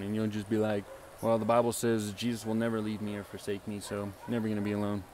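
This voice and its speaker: A man's voice: fairly low pitch, flat delivery, a little mellow, slight background noise. Earnest rambling man preaching outdoors. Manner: rambling, halting, full of fillers and restarts; earnest, often tags lines with "right?". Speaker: self-styled preacher. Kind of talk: informal sermon to camera.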